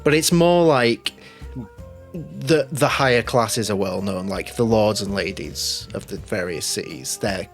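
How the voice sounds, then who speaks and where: A man's voice: on the low side, unhurried, faint music behind. A man running a tabletop role-playing game as game master, chatty and laughing often.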